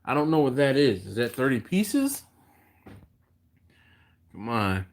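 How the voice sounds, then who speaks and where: A man from Philadelphia hosting a casual barbecue livestream, reading out viewer comments and chatting back to them. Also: takes it slowly. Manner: animated, jumps in pitch when quoting others. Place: home, live stream.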